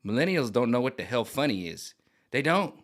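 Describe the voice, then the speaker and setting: A man ranting to camera in an animated, mocking, rambling monologue. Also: medium pitch, fairly quick. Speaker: vlogger. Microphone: camera on gimbal.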